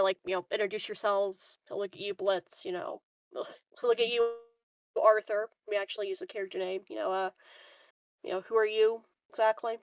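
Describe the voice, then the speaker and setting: Young woman, game master, gravelly vocal fry, dry close sound, rambling with fillers. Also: mid-range voice, no room sound. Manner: rambling, full of fillers, laughs often. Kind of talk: narrating a tabletop game.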